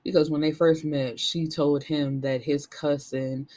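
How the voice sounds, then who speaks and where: A woman's voice: deep voice, steady tone, unhurried, darkish tone. Candid, chatty woman book reviewer. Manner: candid, chatty, blunt asides. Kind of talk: casual book recap.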